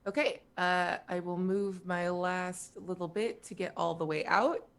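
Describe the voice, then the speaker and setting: A woman playing a tabletop role-playing game, animated and given to loud in-character outbursts. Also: on the low side, unhurried, creaky. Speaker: player. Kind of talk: tabletop role-play, casual.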